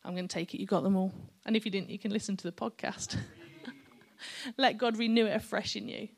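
A woman's voice: medium pitch, steady tone, brisk, gravelly. A middle-aged woman preaching a sermon, chatty and encouraging, with joking asides to the congregation.

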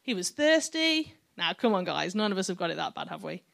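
A woman's voice: lowish voice, sing-song, brisk, vocal fry, a bit bright. A middle-aged woman preaching a sermon, chatty and encouraging, with joking asides to the congregation.

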